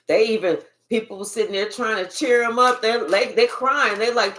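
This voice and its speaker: A woman's voice: on the high side, moderate pace, hardly any pauses, fairly bright tone, slight background noise. A woman giving a spiritual reading in an emphatic, profane, repetitive way. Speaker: tarot reader.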